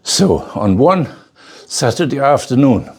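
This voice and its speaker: A man's voice: medium pitch, sing-song, unhurried, breathy edge. An older man teaching a bonsai masterclass, telling a story with emphasis, often restarting his phrases and checking in with an "okay?". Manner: emphatic storyteller, many restarts and repeated words; checks in with the audience with a frequent "okay?". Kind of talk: spoken lecture to a class.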